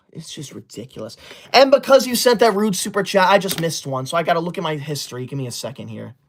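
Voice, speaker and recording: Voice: mid-range voice, quick pace, slight background noise. A livestream host reading super chats aloud in a comedic bit, scolding viewers in a fussy, easily offended, school-loving persona.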